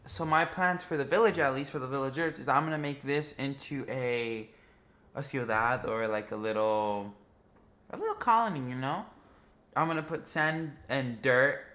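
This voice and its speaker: Bright-voiced young man narrating gameplay. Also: medium pitch, normal speed. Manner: rambling, excitable, swears casually. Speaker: gaming vlogger. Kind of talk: casual narration over gameplay footage.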